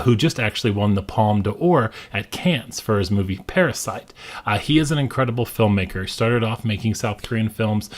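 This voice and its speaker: A young man hosting a casual movie countdown, enthusiastic and repeating his praise often. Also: on the low side. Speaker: host.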